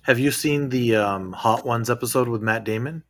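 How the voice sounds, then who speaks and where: A man's voice: mid-range voice, moderate pace, fairly bright tone. A middle-aged man hosting a podcast, easygoing and prompting others with questions in casual chat. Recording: faint background hiss.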